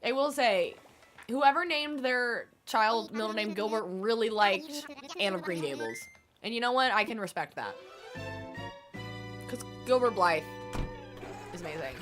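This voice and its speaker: A woman's voice: medium pitch, animated, unhurried, pauses often, music in the background. A young woman streaming a game, chatting casually and answering her chat, with a stuffy nose. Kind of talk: casual chat while gaming.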